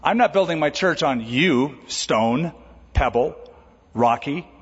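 A man preaching a sermon as a pastor, lively and conversational, with jokes along the way. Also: a little high, slow, breathy edge. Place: church auditorium. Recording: dull recording with long hall reverb.

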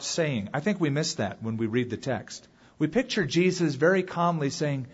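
A man preaching a sermon with dramatic swings from loud calls to quiet asides. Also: fairly high pitch, expressive, moderate pace, husky, lo-fi sound. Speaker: pastor.

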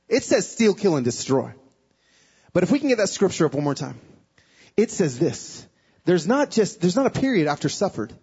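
High, husky man preaching. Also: highs cut off. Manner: emotional personal storytelling, swinging from hushed to loud and pleading. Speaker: guest speaker. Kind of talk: sermon.

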